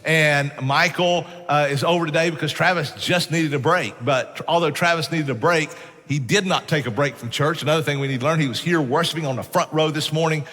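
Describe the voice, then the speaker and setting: A man's voice: fairly high pitch, brisk, fairly bright tone. A middle-aged man preaching a sermon, telling stories in a folksy way and often saying "man". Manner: folksy storytelling with frequent "man". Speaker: pastor. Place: church sanctuary. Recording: church hall reverb.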